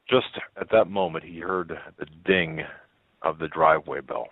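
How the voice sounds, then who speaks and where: A man reading a story aloud as a radio host, in a halting way with many fillers and restarts. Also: low voice, fairly even intonation, husky, no room sound. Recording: tinny phone-like line.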